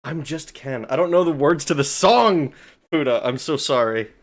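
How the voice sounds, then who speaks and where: A male streamer chatting casually with his viewers into a desk microphone, excitable, swearing, stammering and laughing often. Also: a little high, moderate pace. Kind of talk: casual livestream chat.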